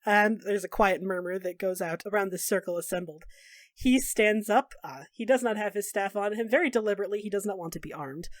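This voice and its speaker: A woman running a tabletop game, narrating at an ordinary pitch in a loose, chatty way with lots of "uh" and "like." The recording is dry and close to the mic. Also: fairly quick, dry recording. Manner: casual, many fillers. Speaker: game master.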